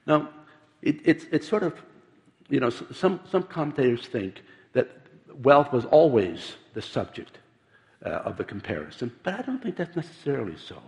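A man preaching a sermon in an animated, emphatic way, with many repeated restarts. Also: medium pitch, moderate pace. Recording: long reverb of a large hall.

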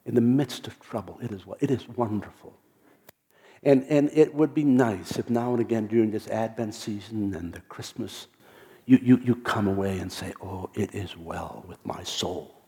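A man preaching, telling a story in a halting way, often repeating words and dropping to a near whisper for quoted lines. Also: lowish voice, dark tone. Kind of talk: storytelling sermon.

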